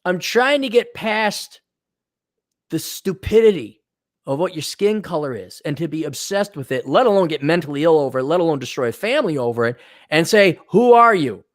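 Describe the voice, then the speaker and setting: A man's voice: a little high, animated, fairly quick, dry recording, clean studio sound. A middle-aged man giving a blunt, sarcastic opinion monologue as a commentator. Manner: sarcastic and blunt, mocks in put-on voices. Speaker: commentator reading and reacting.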